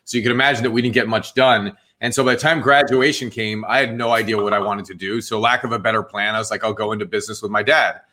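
A man's voice: on the low side, quick pace, hardly any pauses. A man in his forties with a New Jersey accent, telling his story as an interview guest and acting out the dialogue, with "dude" and "man" thrown in. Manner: animated, acts out quoted dialogue, says "dude" and "man". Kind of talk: casual storytelling.

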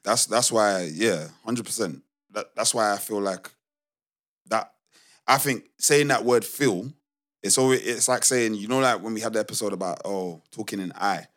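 A man's voice: fairly low pitch, moderate pace. Emphatic man co-hosting a chat podcast. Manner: emphatic, animated storytelling with frequent restarts. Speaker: podcast co-host.

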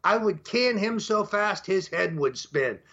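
A man's voice: high-pitched, animated, unhurried, a bit bright. An older man as an interview guest, speaking emphatically and laying out his points one by one, on dull lo-fi audio. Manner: emphatic, lays out numbered points. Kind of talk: talk show interview.

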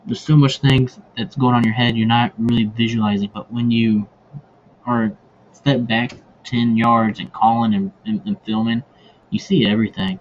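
A man's voice: medium pitch, flat delivery, moderate pace. A man hosting a hunting podcast who tells casual stories, rambling with many fillers and restarts. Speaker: podcast host. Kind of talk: casual storytelling. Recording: dull lo-fi recording with faint ambient noise.

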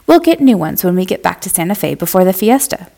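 A woman's voice: on the low side, very animated, fast talker, gravelly, mellow, heavily acted. A woman voicing a friendly, practical woman hiker in a children's story, reassuring her friend. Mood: soothing.

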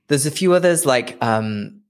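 A chatty man with an English Midlands accent, talking casually as a podcast guest. He laughs easily and jumps his voice up high when he acts out what others say. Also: lively intonation, unhurried. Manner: chatty, laughs often, acts out quotes in a higher voice. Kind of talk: casual chat.

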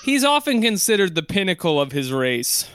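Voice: mid-range voice, very animated, moderate pace, a bit bright, clean tone. A podcast co-host in casual chat, making wry, joking asides and laughing often.

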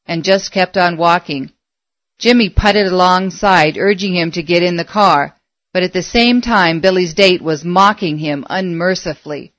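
A woman narrating a story aloud in a measured, expressive way. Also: lowish voice, no room sound. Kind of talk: audiobook narration.

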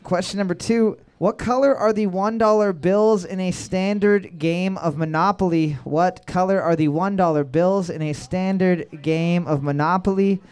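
Joking trivia host, higher voice. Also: male voice, fairly even intonation, normal speed, few pauses, darkish tone, clear, resonant tone. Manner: joking, reads questions twice. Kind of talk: live trivia night hosting with banter.

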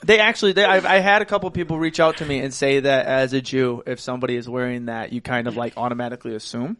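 A young man co-hosting a podcast, telling stories loudly and with animation, jumping between shouts and mutters. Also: medium pitch, fairly even intonation, fast, slight background noise. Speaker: podcast co-host. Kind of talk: casual podcast banter.

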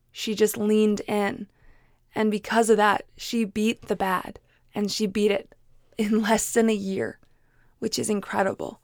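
A woman's voice: medium pitch, no echo, clean studio sound. A woman hosting a motivational solo podcast, talking in an earnest, encouraging way and repeating phrases for emphasis. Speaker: podcast host.

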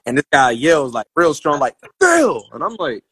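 A young man chatting casually on a live stream, telling animated stories about acting and laughing often. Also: mid-range voice, brisk, slightly rough, no room sound. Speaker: actor guest on a live stream. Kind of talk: casual group chat.

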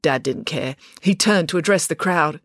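A woman narrating a children's story with expressive delivery. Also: sits low, moderate pace, no echo, clean studio sound.

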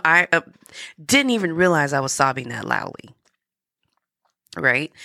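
A woman's voice: deep voice, vocal fry, fairly bright tone, dry recording, studio quality. A woman hosting a podcast, talking candidly and encouragingly straight to her listeners. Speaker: podcast host. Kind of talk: motivational podcast monologue.

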